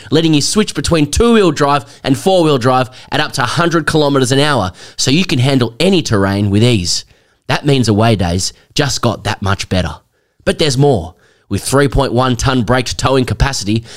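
Man, scripted ad read, loud, punchy, salesy, middle pitch. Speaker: ad reader. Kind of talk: scripted car advertisement read.

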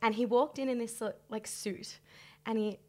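A woman's voice: fairly high pitch, normal speed. A woman guest on a chatty podcast, retelling a night out with lots of laughter. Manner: animated, laughs often, lively retelling. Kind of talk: casual storytelling chat.

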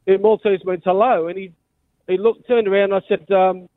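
A man's voice: high-pitched, steady tone, a little fast, no room sound. Australian man calling in on a phone line. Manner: earnest storytelling with hesitations. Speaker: caller. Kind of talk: radio call-in story.

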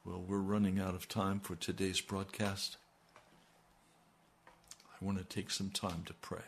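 A man's voice: deep voice, level tone, measured pace, slight background noise. A middle-aged male pastor giving a radio sermon and praying earnestly, pleading as he goes. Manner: earnest, pleading prayer that rises in intensity.

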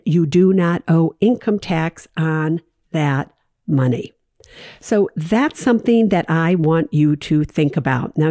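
A woman's voice: lowish voice, mellow, no room sound, studio quality. A woman hosting a money advice show, speaking directly and emphatically to her listeners and repeating key phrases for weight. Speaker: financial advice host.

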